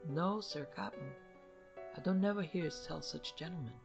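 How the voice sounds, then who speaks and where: A woman voicing a nervous, ragged old man on a mule, speaking slowly in a high voice with rustic broken grammar. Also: gravelly, over music. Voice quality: slow high voice.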